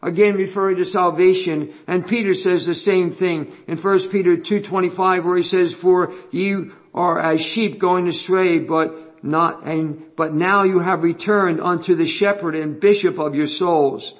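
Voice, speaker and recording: A man preaching an expository sermon, reading scripture aloud slowly and pressing his points with earnest repetition. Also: high voice, fairly even intonation.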